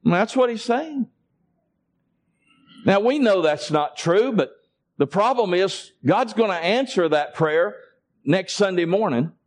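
A man's voice: high-pitched, expressive, measured pace, pauses often. A man preaching a sermon and calling for responses from his congregation. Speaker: pastor.

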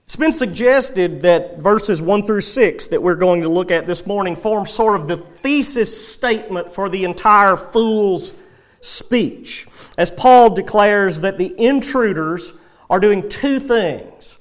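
A high-pitched pastor preaches an expository sermon to his congregation. He reads scripture and explains it in a measured, emphatic manner.

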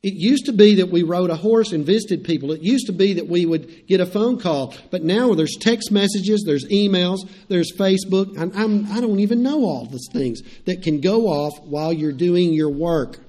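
A man's voice: high voice, moderate pace, hardly any pauses, warm tone. Man preaching in a talky, repetitive way. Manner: conversational preaching with repeated phrases and asides to the congregation. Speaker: pastor. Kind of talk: sermon.

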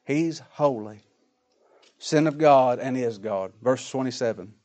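A man preaching a folksy, dramatic sermon, dropping quiet and then rising loud. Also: mid-range voice, measured pace.

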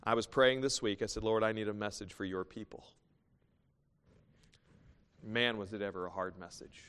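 A man pastor preaching a sermon, moving between loud emphatic bursts and soft hushed asides. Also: lowish voice, fairly even intonation, moderate pace, clean tone. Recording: long hall reverb.

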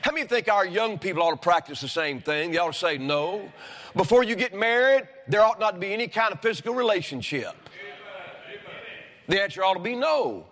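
A man's voice: high-pitched, sing-song, fairly quick, a bit bright, long reverb tail. A male pastor preaching a sermon, emphatic and repeatedly questioning his congregation. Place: church sanctuary.

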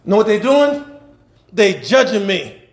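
A male pastor preaches, his voice high and swinging widely in pitch. He laughs and shouts as he drives his points home. The echoey church room rings around his words. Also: unhurried. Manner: animated, laughing, shouting at times. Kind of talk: sermon.

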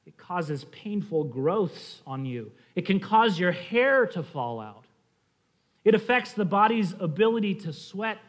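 A man preaching a sermon in an earnest teaching tone, raising his voice to stress key points. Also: fairly high pitch.

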